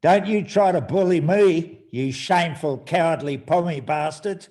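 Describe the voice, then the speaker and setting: A man's voice: a little high, very animated, measured pace, pitched above the performer's own voice. An older man playing a brash, scornful Aussie bloke. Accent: faint Australian. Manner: scornful, shouted insults. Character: brash Australian man, dismissive and combative.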